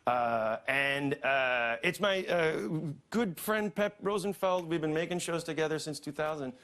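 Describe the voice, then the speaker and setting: High-voiced comedian chatting. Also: male voice, unhurried, fairly bright tone. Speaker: guest comedian and impersonator. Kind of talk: casual talk show chat.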